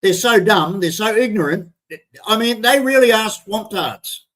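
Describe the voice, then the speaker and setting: A man's voice: sits high, lively intonation, a little slow, a bit bright, rough recording. An older Australian man with an Australian accent, hosting a live stream and ranting bluntly with profanity, often stumbling and restarting his words. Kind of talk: ranting commentary.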